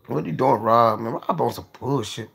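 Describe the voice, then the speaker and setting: Gravelly, excitable man ranting on a livestream. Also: medium pitch. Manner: profane, excitable, jumps between mumbling and yelling. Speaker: livestream host. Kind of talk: casual livestream rant to viewers.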